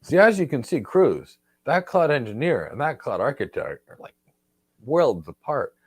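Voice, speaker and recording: A man's voice: medium pitch, very animated, normal speed, husky, no echo. A man hosting a live career Q&A, answering viewer questions in a blunt, emphatic and repetitive way. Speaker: host, career trainer.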